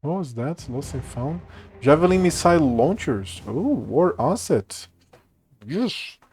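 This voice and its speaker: A man's voice: on the high side, sing-song, takes it slowly, darkish tone. Rambling, swearing male game streamer. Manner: rambling, laughs and swears often. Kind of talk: casual gameplay commentary.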